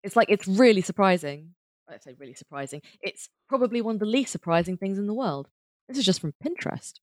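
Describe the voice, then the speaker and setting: A woman's voice: mid-range voice, lively intonation, quick pace, no echo, studio quality. A woman co-hosting a casual chat about a sitcom, chatty and often restarting her sentences. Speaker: podcast co-host.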